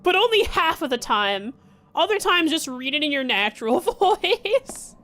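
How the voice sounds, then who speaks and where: A woman's voice: high voice, very animated, a little slow, sharp tone. A woman streamer chatting casually while playing a game, joking and reading the game's text aloud.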